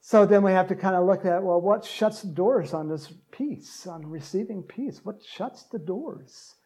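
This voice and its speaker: Guy preaching a lively sermon, kinda high voice, jokes around with the crowd, yells out cheers. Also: unhurried. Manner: lively, acts out cheering crowds in loud shouts; joking asides to the congregation. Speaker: pastor.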